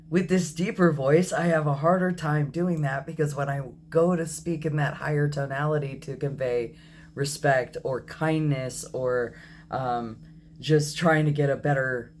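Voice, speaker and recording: A man in his thirties talking candidly in a personal video diary, reflective and apologetic, often pausing with ums and correcting himself. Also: fairly high pitch, a little mellow, slight background noise. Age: 30s. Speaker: vlogger.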